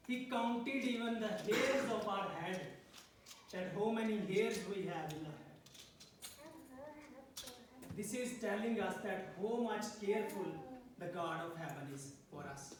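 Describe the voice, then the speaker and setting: A man's voice: high voice, expressive, measured pace, slight background noise. A man who speaks English as a second language, preaching a sermon to a congregation and asking "Amen?" again and again. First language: not English. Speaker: pastor. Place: church hall. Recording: echoey room from a distance.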